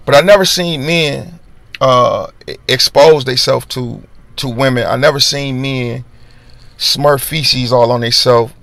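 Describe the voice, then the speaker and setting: Telling a personal story on his podcast, this man talks in an unhurried, creaky, mid-range voice. His delivery is casual, slangy, and animated, and he acts out the other people's voices. There's no echo.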